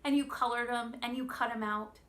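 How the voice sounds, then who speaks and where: Bright, expressive woman teaching children. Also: fairly high pitch, fairly quick. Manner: gentle, expressive, asks children questions. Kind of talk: children's lesson.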